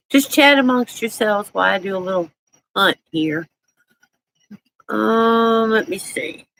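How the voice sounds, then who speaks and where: A woman's voice: mid-range voice, a bit bright, rough recording. Southern US woman, live stream host, chatty and folksy, laughs a lot, faint background noise. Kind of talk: casual live chat, reading viewer comments.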